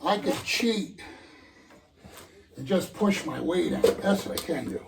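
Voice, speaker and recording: An older man, short of breath, curses and mumbles to himself while working on model train benchwork in casual self-talk. His high-leaning, animated voice has vocal fry and a measured pace. Background noise and roomy echo come through a distant mic.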